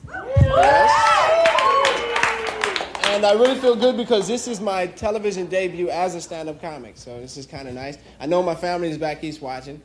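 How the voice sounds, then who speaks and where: Young guy from new york doing standup, kinda high voice, loud crowd laughing and noisy room. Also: quick pace, few pauses. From New York City. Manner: conversational joke telling with bursts of acted voices. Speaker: stand-up comic. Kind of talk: stand-up comedy set. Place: comedy club stage with a laughing audience.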